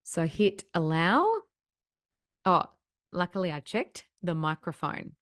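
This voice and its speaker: A woman trainer narrating a recorded software tutorial step by step at her desk microphone, upbeat and explanatory. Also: fairly low pitch, takes it slowly, no echo, clean studio sound.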